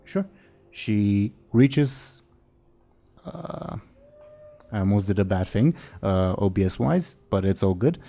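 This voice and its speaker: A man's voice: lowish voice, expressive, slow, gravelly, pauses often, dark tone, faint music behind. A man running a tabletop role-playing game as game master, narrating and asking the players what they do.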